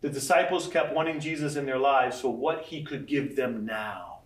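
Animated preacher man in an echoey hall. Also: mid-range voice, normal speed. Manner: animated, acts out scripture quotes. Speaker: pastor. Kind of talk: sermon. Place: large room with audience. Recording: echoey room from far off.

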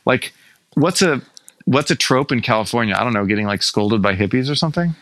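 A man hosting a podcast riffs playfully on ideas and jokes as he goes. His voice has an ordinary middle pitch. The sound is dry and close. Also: animated, a little fast, fairly bright tone, dry recording. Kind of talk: casual podcast chat.

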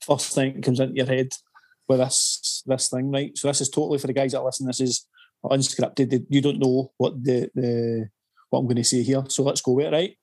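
A man's voice: medium pitch, little pitch movement, fairly quick, a little mellow, husky, no room sound. A Scottish man hosting a podcast interview, asking questions in a laid-back way. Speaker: podcast host. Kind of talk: casual interview chat.

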